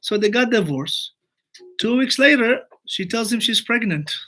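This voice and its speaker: A man's voice: extremely high pitch, animated, measured pace, pushed and bright. A man, a rabbi teaching a Torah class and telling stories, acting out the quoted speech with animation.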